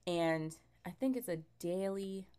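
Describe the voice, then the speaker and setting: A woman with a fairly low voice speaks to podcast listeners about faith. Her tone is encouraging and reflective, gently urging them forward. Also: measured pace, clean tone.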